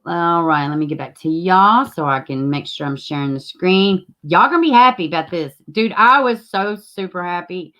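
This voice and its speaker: A woman's voice: on the low side, normal speed, hardly any pauses, pushed and bright. A woman hosting a casual live stream, greeting viewers by name and swearing freely. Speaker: livestream host.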